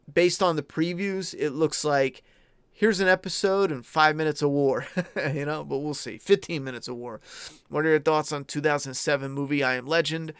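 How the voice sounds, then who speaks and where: Young male streamer, slightly high, smooth tone, dry close sound; loose, candid, swears a lot. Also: a bit bright, no echo. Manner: rambling, profane and candid. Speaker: YouTube streamer. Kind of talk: casual livestream chat.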